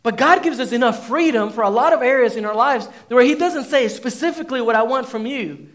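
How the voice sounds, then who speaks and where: A man's voice: extremely high pitch, fairly quick, fairly bright tone. A man pastor preaching a sermon from a church stage, emphatic and repeating phrases for the congregation.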